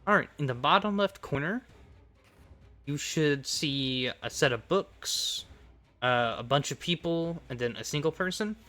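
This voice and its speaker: Bright-voiced man running the game. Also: fairly high pitch, lively intonation, measured pace. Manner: patient, walks players through software steps. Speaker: game master. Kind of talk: running a tabletop game over voice chat.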